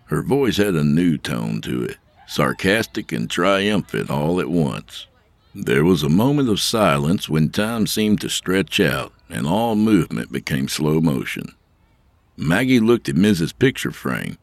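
Male narrator, very deep, animated delivery, dry studio sound, wry storytelling. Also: a little slow, vocal fry, dry recording.

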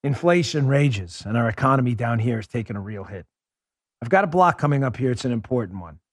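A man's voice: medium pitch, lively intonation, a little fast, no echo, clean studio sound. A man hosting a political talk show, delivering an emphatic, sarcastic monologue full of rhetorical questions.

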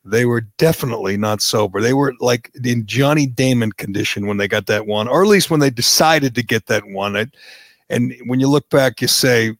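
A man's voice: mid-range voice, moderate pace, dry recording, studio quality. A male podcast host in casual chat, blunt and teasing, rambling with fillers.

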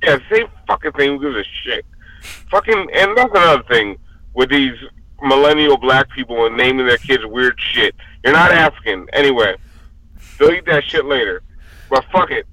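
Drunk guy going off, swearing nonstop, sharp bright voice. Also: medium pitch, animated, normal speed, low-quality recording. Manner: profane, heated ranting. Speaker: podcast guest. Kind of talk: casual podcast rant.

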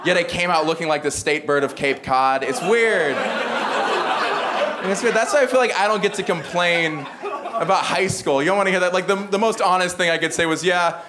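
A male stand-up comic from the South with no regional accent, talking a little high for a man in a dry, self-mocking way. He is recorded at a live show, with clear audience laughter rolling behind him. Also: brisk, very noisy. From American South. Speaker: stand-up comedian. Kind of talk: stand-up set. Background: crowd laughter.

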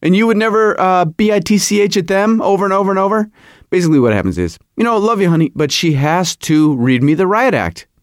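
A middle-aged man hosting a podcast, telling a comic story in a rambling, animated, self-mocking way. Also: sits high, a little fast, dry recording, studio quality. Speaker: podcast host. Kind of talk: comedic podcast monologue.

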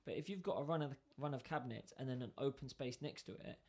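A man's voice: mid-range voice, fast, breathy edge. A British man co-hosting a podcast, telling a story in casual chat and acting out both sides of the conversation. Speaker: podcast co-host.

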